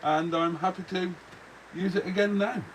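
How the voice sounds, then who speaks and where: A man's voice: sits high, normal speed, recorded from a distance, very noisy. A British man ribbing his friend in casual livestream banter in a caravan. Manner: mocking, lively. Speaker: livestream guest.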